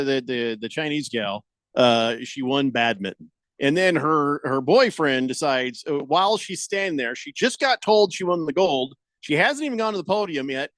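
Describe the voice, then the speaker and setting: A man's voice: fairly high pitch, no room sound. A man hosting a radio talk show, telling stories in casual banter and acting out the people he quotes. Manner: animated storyteller, acts out quoted voices. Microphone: studio microphone.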